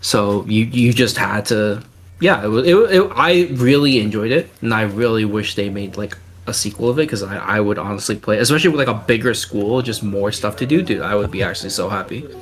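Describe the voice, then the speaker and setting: A man's voice: fairly low pitch, a little fast. A young man co-hosting a podcast, chatting casually in a rambling, filler-heavy and teasing way. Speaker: podcast co-host. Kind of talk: casual chat.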